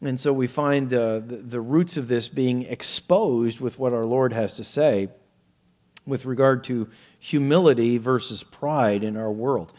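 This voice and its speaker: A man preaching a sermon, earnest and measured, teaching through a passage with occasional fillers and restarts. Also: mid-range voice, darkish tone, in a large hall. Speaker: pastor.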